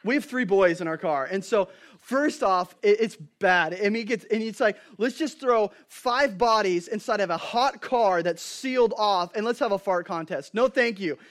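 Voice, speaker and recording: A man in his thirties preaching a sermon as a pastor, telling family stories with animated swings from hushed to loud. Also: high-pitched, moderate pace.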